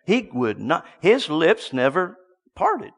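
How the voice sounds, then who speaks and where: Preacher in a reverberant hall. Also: male voice, on the high side, huge pitch swings, slow pace, husky. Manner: storytelling, swinging from hushed to loud bursts. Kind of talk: sermon.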